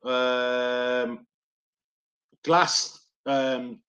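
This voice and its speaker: A man's voice: medium pitch, completely flat delivery, extremely slow, pushed and bright. A middle-aged man, a former doorman, telling stories to a podcast host in a rambling, repetitive way and swearing often. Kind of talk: casual storytelling.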